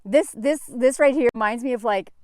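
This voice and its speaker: American woman vlogging, laughs a lot, kinda high voice, dry close sound. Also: normal speed, a little mellow, no echo. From United States. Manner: chatty, laughs often, mimics people in asides. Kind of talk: casual chat.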